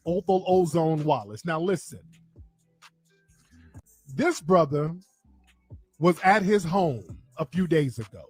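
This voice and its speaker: A man giving casual, animated commentary straight to his viewers, repeating himself for emphasis. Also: on the high side, moderate pace, long pauses, no echo, soft background music. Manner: animated, repetitive, talks to viewers directly. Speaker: online commentator.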